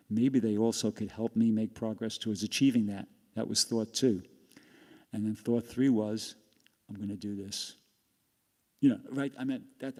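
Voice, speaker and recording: An older man with a warm, fairly low voice is teaching a class, spinning a rambling personal story punctuated by laughter. The recording carries a long hall reverb.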